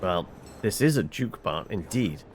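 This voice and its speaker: A game reviewer reads a game's dialogue aloud himself, giving each character a voice that swings widely in pitch. His delivery is expressive and a little slow, with occasional fillers and restarts, and a faint hiss runs beneath it.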